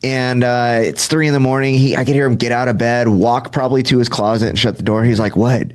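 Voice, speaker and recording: A man's voice: mid-range voice, little pitch movement, fast talker. A man in his thirties from Southern California, telling his recovery story in a casual, self-deprecating way and acting out bits of dialogue. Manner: casual, self-deprecating, filler-heavy, acts out quoted dialogue. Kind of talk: candid conversational storytelling.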